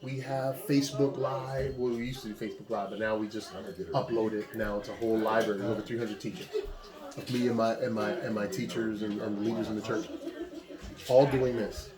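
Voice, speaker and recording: A man's voice: fairly low pitch, fairly even intonation, fairly quick. A man, a pastor, preaching informally and urging the listener directly in a conversational way. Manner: conversational, exhortative, speaks straight to a listener. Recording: echoey room with a crowd behind.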